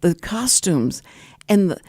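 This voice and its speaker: A woman's voice: on the low side, very animated, takes it slowly, mellow, husky, dry recording, studio quality. An older woman hosting a radio talk show, chatting casually and laughing often. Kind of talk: casual chat. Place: radio studio.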